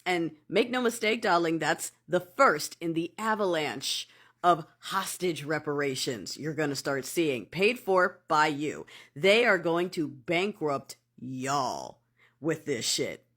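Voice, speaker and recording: A woman's voice: low voice, lively intonation, slow pace, fairly bright tone. A woman giving casual vlog commentary in a sassy, sarcastic way, calling the viewer darling.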